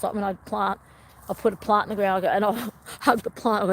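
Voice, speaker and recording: A woman's voice: mid-range voice, fairly even intonation, fast talker. A middle-aged woman vlogger chatting to her viewers in a meandering, rambling way and often calling them everyone. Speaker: wellness vlogger. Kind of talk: rambling live-stream chat.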